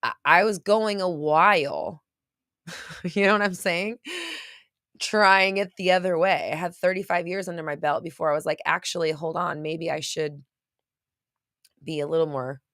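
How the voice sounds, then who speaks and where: A woman's voice: fairly low pitch, steady tone, normal speed, long pauses, fairly bright tone, no echo, studio quality. A woman host talking casually to a live chat, rambling with many restarts and at times getting choked up. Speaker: podcast host.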